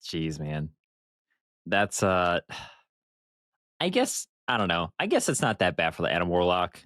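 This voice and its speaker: A man with a very deep voice that still swings up and down a lot, chatting on a podcast. He rambles through his stories in a loose, animated way and swears now and then. His voice is close and dry on the mic. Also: slow, no room sound. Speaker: podcast co-host. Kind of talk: casual podcast chat.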